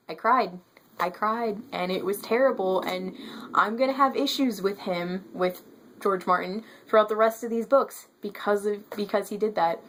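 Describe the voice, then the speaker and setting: A woman in a casual book review vlog with a somewhat low voice. She rambles, stops to correct herself, and turns emphatic when something annoys her. She gestures with her hands as she talks to camera. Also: a little hiss or hum. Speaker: book vlogger.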